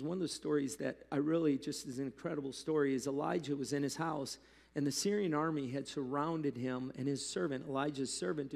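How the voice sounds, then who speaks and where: Gravelly-voiced man preaching in a hall. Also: fairly high pitch. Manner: conversational, animated preaching with asides. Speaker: pastor. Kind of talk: sermon. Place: church hall. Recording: long hall reverb.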